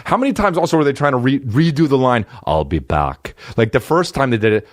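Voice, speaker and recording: A man riffing comedically as a podcast host, slipping into over-the-top impressions mid-thought. His pitch bounces around animatedly, sitting in an average range. The recording is dry and close, with no room sound. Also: fast talker, dry recording. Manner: animated, jumps into exaggerated character voices.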